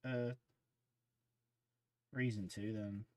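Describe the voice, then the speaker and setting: A man with a fairly low voice, chatting in a relaxed, rambling way through a livestream. His voice sits dry and close on the mic, with no room sound around it. He talks with plenty of easy pauses. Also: dry recording. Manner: rambling and easygoing, reading chat aloud. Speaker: livestream host. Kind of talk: casual livestream chat.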